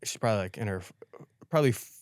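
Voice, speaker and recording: A man's voice: lowish voice, expressive, very fast, a little mellow, dry recording, studio quality. A man from New York, hosting a podcast, telling a rambling anecdote full of "like" and acting out what other people said. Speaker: podcast host. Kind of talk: casual storytelling chat.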